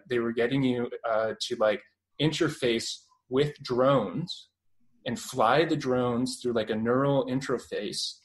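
A man's voice: mid-range voice, low-quality recording. Young Canadian man, rambling with fillers. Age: 20s. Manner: rambling, many fillers and restarts. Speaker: guest. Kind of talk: casual radio interview.

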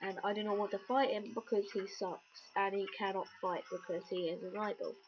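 Brisk and steady in tone, a woman with a mid-range voice offers casual, rambling, jokey let's-play commentary on a video game. A webcam or computer mic captures it as a dull lo-fi recording with background noise and loud game music.

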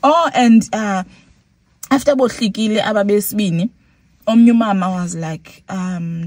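A medium-pitched, slightly mellow female voice at normal speed, recorded with no room sound, belongs to a young Xhosa-accented South African vlogger. She recounts a casual story in English and Xhosa, acting out her reactions.

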